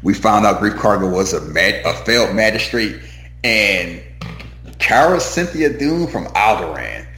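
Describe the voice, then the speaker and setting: Animated man in a roomy room. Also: lowish voice, unhurried. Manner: animated, swears freely, acts out scenes in put-on voices. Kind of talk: casual chat reviewing a TV show. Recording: roomy echo.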